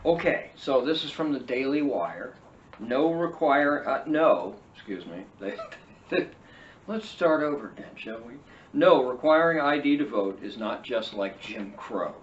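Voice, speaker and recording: A man's voice: medium pitch, animated, unhurried. A man hosts a read-and-react podcast, reading from an article and breaking off for sarcastic, mocking remarks. He sits well back from the microphone, so his voice comes across distant and roomy. The sound is dull and lo-fi, with a faint hiss underneath. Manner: sarcastic, mocking asides while reading aloud. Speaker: podcast host. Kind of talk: read-and-react political commentary.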